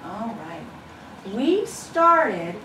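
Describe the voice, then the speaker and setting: A woman's voice: a little high, big pitch swings, extremely slow, over a noisy crowd. A woman teaching first grade, leading a shared reading with encouragement and chanted rhythm in a classroom. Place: classroom with children. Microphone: far camera mic. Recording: echoey classroom from far off.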